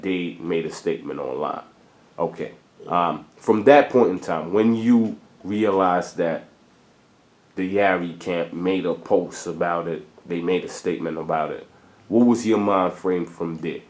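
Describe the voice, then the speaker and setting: Deep-voiced man asking rambling questions. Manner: relaxed, asks long rambling questions with "I'm saying". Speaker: interviewer. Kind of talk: casual interview.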